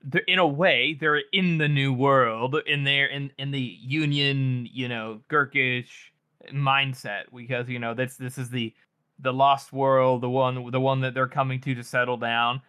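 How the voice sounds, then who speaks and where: A man's voice: mid-range voice, steady tone, a little slow, bright, forceful tone, smooth. A man co-hosting a book podcast, talking in a rambling, hesitant way with lots of fillers. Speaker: podcast co-host. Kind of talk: casual book discussion.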